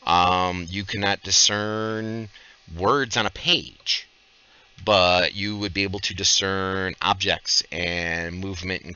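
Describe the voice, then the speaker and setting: Host, male, deep and sharp-toned, rambling rules explainer, lo-fi stream sound. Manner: explains rules at length with many fillers. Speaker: podcast host and game master. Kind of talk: casual podcast Q&A.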